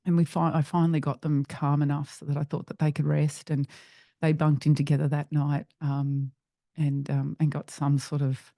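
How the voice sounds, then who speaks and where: Gravelly middle-aged woman recounting hardship. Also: low-pitched, level tone, warm tone, dry recording, clean studio sound. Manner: earnest, halting, with frequent restarts. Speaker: podcast guest. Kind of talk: personal storytelling in an interview.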